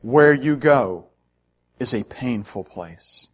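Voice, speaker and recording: A man voicing an older German taxi driver with a German accent, who talks in a slow, heavy, subdued way. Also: mid-range voice, expressive, pitched below the performer's own voice. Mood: grave.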